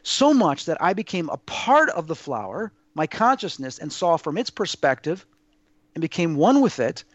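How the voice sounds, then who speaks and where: A man telling a personal story as an interview guest, in an awed, halting way with many restarts. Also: fairly high pitch, big pitch swings, no echo, dull audio.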